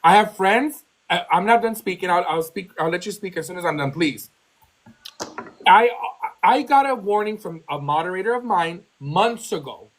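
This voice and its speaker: A woman's voice: fairly low pitch, animated, normal speed. A woman from Texas, hosting a live call and defending herself, repeating points and talking over the other speaker. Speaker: live stream host. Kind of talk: heated argument on a live call.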